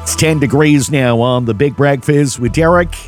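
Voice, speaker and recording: A man hosting a radio morning show, reading news briefs and chatting in a measured, unhurried way. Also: mid-range voice, soft background music. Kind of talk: radio news and host patter.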